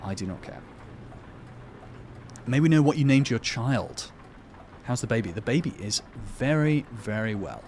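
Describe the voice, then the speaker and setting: A man's voice: medium pitch, animated, unhurried, long pauses, darkish tone, a little hiss or hum. A man chatting casually with his live-stream viewers while playing a truck game, joking about himself and answering their messages. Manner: chatty, self-deprecating, reads out and answers chat.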